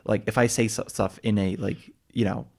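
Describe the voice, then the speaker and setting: A man's voice: lowish voice, fairly even intonation, normal speed, creaky. An American man co-hosting a casual travel podcast, rambling with lots of fillers and restarts. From United States. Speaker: podcast co-host.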